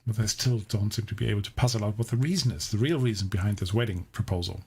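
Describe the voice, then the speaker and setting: A man running a tabletop game as game master, explaining scenes in a measured way with frequent restarts. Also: on the low side, darkish tone, slight background noise. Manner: measured, explaining, often restarting his sentences.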